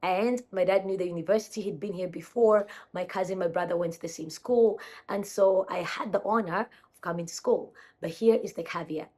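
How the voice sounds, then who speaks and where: A woman's voice: fairly low pitch, fairly even intonation, a little fast, hardly any pauses, darkish tone. Chatty young Kenyan-raised woman vlogging. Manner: chatty, self-correcting, talks to viewers. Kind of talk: casual rambling chat to camera. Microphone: phone camera.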